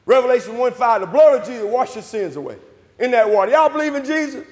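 A man preaching a sermon in call-and-response style, asking questions and answering them himself, swinging between shouts and low murmurs in a church. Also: lively intonation, fast talker. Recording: hall reverb.

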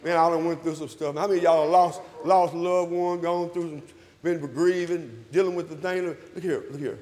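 A man preaching a sermon, calling for responses, repeating his phrases and rising to loud emphatic peaks. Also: fairly high pitch, fairly quick, long reverb tail. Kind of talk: sermon with invitation call. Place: church hall.

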